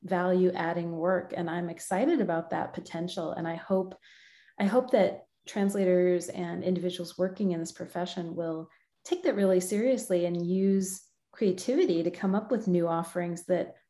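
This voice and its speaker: A woman's voice: on the low side, moderate pace, dark tone. A middle-aged woman from the United States answering interview questions in a friendly, thoughtful way, laughing often. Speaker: guest, localization professional.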